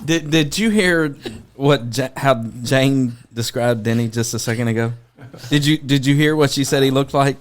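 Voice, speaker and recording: A man co-hosts a podcast and jokes with his guests in a playful, eager way. His voice sits in a middle range, neither high nor low. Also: moderate pace. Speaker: podcast co-host. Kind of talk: casual chat.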